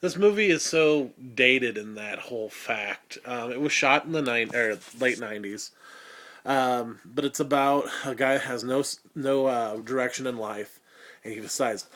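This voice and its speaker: A man's voice: medium pitch, moderate pace, a bit bright. Sarcastic guy in his 30s ranting about a bad slasher flick, swears a lot, lots of ums. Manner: crude, sarcastic, rambling with many fillers. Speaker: host. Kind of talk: casual movie review.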